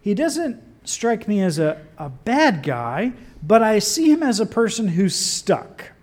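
A man preaching a sermon in an animated, conversational way with wry asides. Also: high-pitched, takes it slowly.

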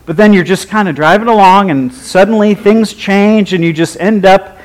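Man, preacher, slightly high voice, wry and conversational, humorous personal stories. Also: moderate pace, low-quality recording. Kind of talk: sermon with personal storytelling.

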